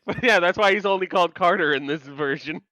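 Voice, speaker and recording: Playful young man, high and bright. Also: fast talker, no room sound. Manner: playful banter, laughs a lot, stumbles and repeats. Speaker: podcast co-host. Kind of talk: casual comedic recap chat.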